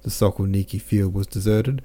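A man reading a classic novel aloud as the narrator, steady and unhurried, now and then correcting a slip. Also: lowish voice. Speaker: audiobook narrator. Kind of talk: scripted narration.

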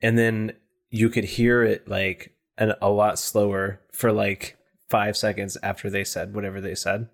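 A man's voice: fairly low pitch, level tone, unhurried, creaky. A man chatting on a podcast over a video call, rambling with many fillers. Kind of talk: casual chat on a video call.

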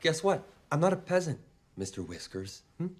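A man's voice: on the high side, big pitch swings, moderate pace. An actor playing a cheerful, naive young man who talks to his pets in a friendly, sing-song way.

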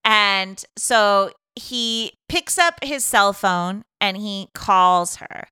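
A woman's voice: medium pitch, very slow, sharp tone, smooth, no room sound, clean studio sound. A woman co-hosting a podcast, retelling a movie plot in a rambling, chatty way full of fillers. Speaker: podcast co-host recapping a film. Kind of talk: casual chat.

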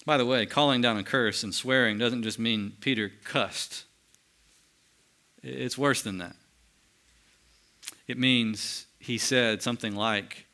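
A man preaching from the pulpit with a bright, forceful tone. He moves between lively, emphatic stretches and hushed, slowed-down solemn passages, speaking straight to the congregation. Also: mid-range voice. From United States. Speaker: pastor. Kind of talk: sermon.

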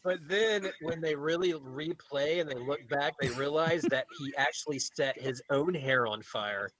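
A man's voice: fairly high pitch, moderate pace, fairly bright tone, slight background noise, low-quality recording. A man co-hosting a casual podcast with dry, teasing humor. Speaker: podcast co-host.

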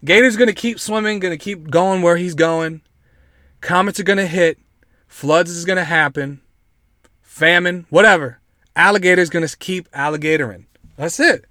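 A male podcast host with a somewhat high voice, joking and swearing freely as he reads stories aloud. The sound is dry and close, with no room at all. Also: moderate pace, dry recording. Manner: joking, profane, animated. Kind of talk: casual podcast chat, reading news aloud.

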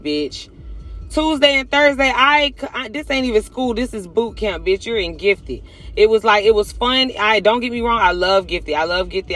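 A man's voice: sits high, pushed and bright. A man talking casually to his viewers in a blunt, profane, emphatic confessional monologue. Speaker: vlogger.

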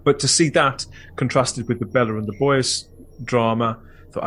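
A man hosting a fan podcast, talking in a wordy, reflective way with animated bursts. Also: medium pitch, moderate pace, slight background noise. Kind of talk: casual chat and reflective narration.

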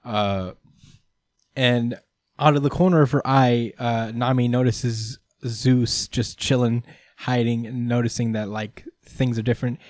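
An animated man hosts a casual recap chat, retelling scenes with plenty of swearing and laughter. His pitch sits in the middle for a man. The sound is dry and close, with no room echo. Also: measured pace. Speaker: host.

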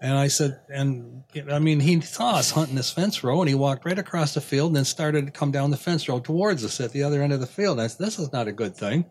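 A man's voice: a little high, fast, hardly any pauses, a little mellow, a little hiss or hum. Folksy man telling a rambling story. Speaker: guest storyteller. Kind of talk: casual anecdote.

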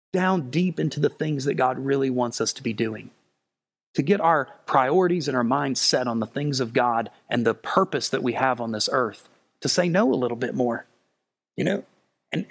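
High-voiced earnest preaching man. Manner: earnest, pleading, swells louder and higher when stirred. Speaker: pastor. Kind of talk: sermon.

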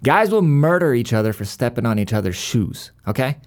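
A man's voice: mid-range voice, big pitch swings, fairly quick, darkish tone. A male podcast host in a worked-up, profane monologue, stumbling over restarts as he rants.

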